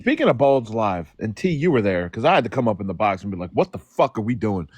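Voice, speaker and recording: A man co-hosting a livestream, telling stories in a casual, profane and animated way, acting out what others said. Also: on the low side, fast talker, husky, dry recording. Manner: animated, profane storytelling with acted quotes. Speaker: livestream co-host. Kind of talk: casual chat.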